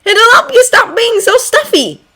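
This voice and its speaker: A woman voicing a cheerful, affectionate adult husband who speaks in a bright, gushing, exclamatory way. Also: very high-pitched, sing-song, measured pace, voice pushed up, exaggerated voice.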